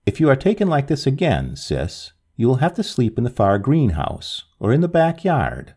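An indignant young man scolding his sister with mockery, as a male storyteller takes on the brother. His slightly husky voice jumps sharply between high and low. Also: wildly swooping pitch, moderate pace, mellow, heavily acted. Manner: scolding, mocking.

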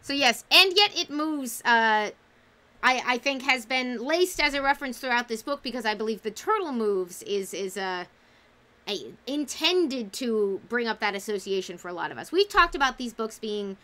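A woman's voice: a little high, expressive, moderate pace, pushed and bright. A woman hosting a casual livestream book club, talking enthusiastically and reading out chat comments.

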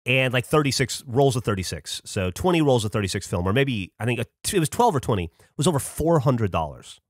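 Recorded cleanly in a studio with no room sound, this man speaks a little fast in a mid-range voice. As a podcast co-host, he's an animated storyteller in a casual chat, cursing without restraint.

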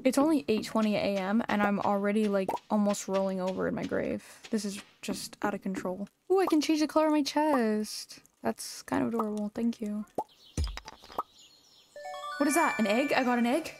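A woman's voice: mid-range voice, moderate pace, vocal fry, noisy background. A young adult woman streamer giving casual let's-play commentary, exasperated and jokey, talking back to the game as she plays. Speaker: gaming streamer.

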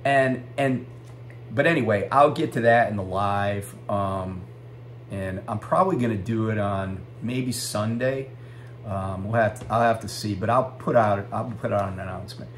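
A man's voice: lowish voice, moderate pace, slight background noise. A middle-aged man who drives a truck, telling a story in a casual, ranting vlog and swearing freely.

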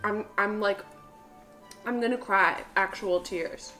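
A woman's voice: medium pitch, takes it slowly, bright, forceful tone, faint music behind. A young woman hosting a casual cooking vlog at home, effusive and swearing freely. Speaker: channel host. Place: home kitchen. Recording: echoey kitchen room.

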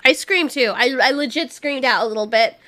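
Chatty woman reviewing a movie, high voice, laughs a lot, acts out the lines. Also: brisk, noisy background. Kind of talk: casual movie review commentary.

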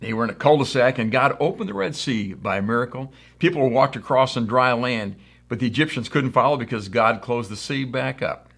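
A middle-aged pastor from the US, with a medium-pitched voice that's fairly quick, slightly rough, a bit bright, and marked by vocal fry. His sermon is conversational, built on storytelling and acted quotes.

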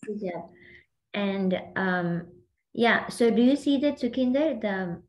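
A woman's voice: medium pitch, lively intonation, takes it slowly, poor audio. A woman hosting and coaching a group on a video call, talking in a chatty, rambling way full of fillers. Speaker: host and mindset coach.

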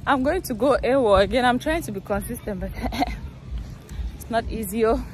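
Young woman, casual phone vlog outdoors, higher-pitched, bashful and giggly, street traffic clearly in the background. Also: normal speed. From Cameroon. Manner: chatty, self-conscious, laughs often. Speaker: vlogger. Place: busy city street outdoors. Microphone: phone held while walking. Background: cars and motorbikes passing.

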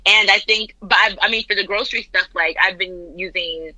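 A chatty woman guest talks casually from her apartment, with lots of fillers and easy laughter. Her voice is very bright and forward. The call audio is dry and a little dull. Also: medium pitch, a little fast, no room sound. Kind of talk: casual chat.

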